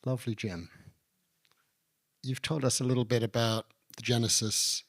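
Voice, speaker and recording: A man hosts an onstage conversation with an author, speaking in a voice with a strong gravelly edge at a middle pitch. He asks measured questions, sometimes hesitating before he finds the phrasing. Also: steady tone. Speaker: interviewer, barrister and author. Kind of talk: onstage interview. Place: arts venue, live audience.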